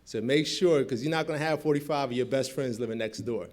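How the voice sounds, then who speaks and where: A man's voice: mid-range voice, fast. Guy from newark telling stories onstage, acts out all the quotes. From Newark, New Jersey. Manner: animated storyteller acting out quoted dialogue. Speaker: guest speaker. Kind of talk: storytelling keynote talk. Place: convention hall.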